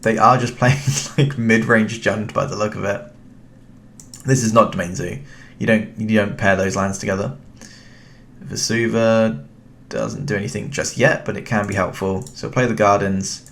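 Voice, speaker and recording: Gravelly low British man commentating games. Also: normal speed. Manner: relaxed, thinking aloud, chatty with the opponent. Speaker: card game streamer. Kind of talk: casual gameplay commentary.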